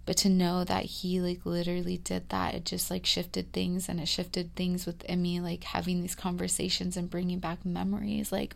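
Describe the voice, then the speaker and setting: Creaky-voiced woman musing openly. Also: fairly low pitch, monotone, moderate pace, hardly any pauses. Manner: rambling, confiding, full of "like" fillers, swings between hushed and loud. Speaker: podcast host. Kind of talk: reflective personal monologue.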